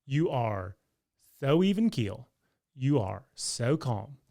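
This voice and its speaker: A man's voice: medium pitch, big pitch swings, slow pace, vocal fry, warm tone, heavily acted. Man putting on a Southern accent, doting sweet-talker, drawling, podcast banter. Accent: put-on American Southern. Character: doting male Southern charmer, sweet-talking and gentle.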